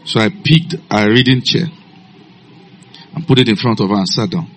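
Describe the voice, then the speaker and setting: A man preaching a sermon, telling stories in a low calm voice and breaking into loud shouted commands. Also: moderate pace, a little hiss or hum.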